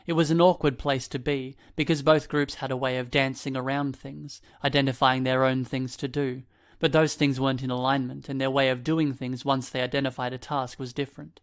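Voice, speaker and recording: A man narrating an audiobook in an even, measured reading style. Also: medium pitch, clean tone. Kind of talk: scripted narration.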